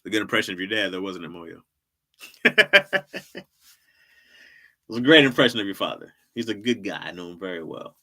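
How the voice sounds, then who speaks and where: A man's voice: fairly low pitch, very animated, normal speed, pauses often, pushed and bright. A man hosting a livestream in casual chat, rambling and joking and laughing often. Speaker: livestream host.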